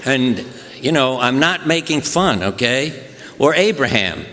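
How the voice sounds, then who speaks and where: An older American man giving a talk to an audience, telling stories in an animated, anecdotal way. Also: mid-range voice, measured pace, slight background noise. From USA. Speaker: guest speaker. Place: hospital auditorium. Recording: echoey hall reverb.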